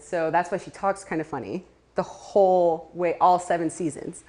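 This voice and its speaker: A woman's voice: lowish voice, steady tone, normal speed, darkish tone. A woman giving a casual talk to a live audience, chatty, with laughing asides and many fillers. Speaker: community speaker.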